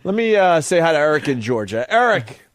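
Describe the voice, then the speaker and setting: A middle-aged man hosting a radio talk show, taking callers and briskly steering a studio bit. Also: fairly high pitch, very animated. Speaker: radio host.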